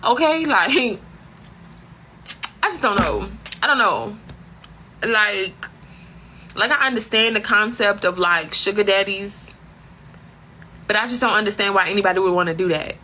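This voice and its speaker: A woman's voice: medium pitch, measured pace, long pauses, pushed and bright, slight background noise. A woman telling a comic story as a profane, exasperated rant full of slang. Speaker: comedic storyteller.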